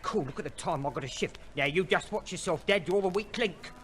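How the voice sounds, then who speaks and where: An actor playing a brash young fixer in an old radio play, cheeky and fast-talking with plenty of slang. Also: male voice, high-pitched, fairly bright tone. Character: brash young Cockney fixer, bossy and breezy. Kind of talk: 1950s radio play acting.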